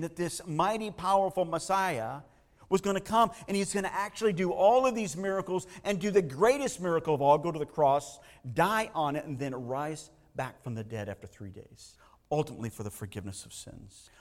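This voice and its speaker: A man preaching a sermon, animated, swinging between loud emphasis and hushed asides. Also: fairly high pitch, a little fast. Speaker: pastor. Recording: long hall reverb.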